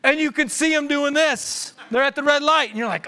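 A man preaching a sermon as pastor to his congregation, telling animated stories that swing from hushed asides to shouts, and laughing at his own stories. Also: very high-pitched, moderate pace, few pauses. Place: church service before a congregation.

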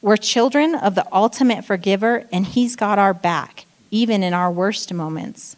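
A woman's voice: medium pitch, normal speed. Woman giving a short church message. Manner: storytelling, acting out quoted outbursts. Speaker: church speaker. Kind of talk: short sermon. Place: church stage.

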